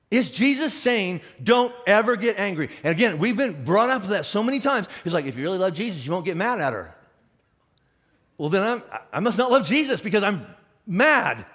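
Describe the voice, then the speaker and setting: A middle-aged man preaches from the pulpit in a chatty, animated way, acting out the listeners' doubts and tripping over restarts. His voice sits high for a man and swings widely in pitch. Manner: animated, conversational, many restarts and acted questions. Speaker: pastor. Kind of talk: sermon.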